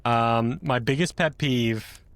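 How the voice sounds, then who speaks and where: A man hosts a casual podcast conversation, chatty and quick to joke. His voice sits in an ordinary middle range. The sound is dry and close, with no room around it. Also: medium pitch, no room sound. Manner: chatty and joking, laughs mid-sentence. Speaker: podcast host.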